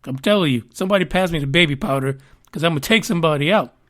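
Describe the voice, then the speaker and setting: A high-pitched man hosts a casual news podcast, reading out stories and riffing on them. His delivery is sarcastic and animated, and he swears freely. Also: racing. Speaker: podcast host.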